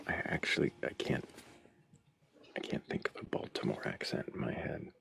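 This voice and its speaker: A man's voice: normal speed, fairly bright tone. A man hosting a casual livestream, playfully riffing on accents and tongue twisters while reading chat comments. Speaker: livestream host.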